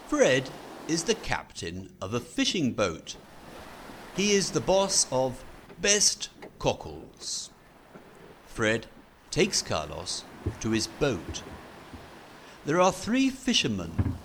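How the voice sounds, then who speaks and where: A man reading a simple storybook for English learners in slow, clear, plain phrases. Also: medium pitch, wildly swooping pitch, fairly bright tone, a little hiss or hum.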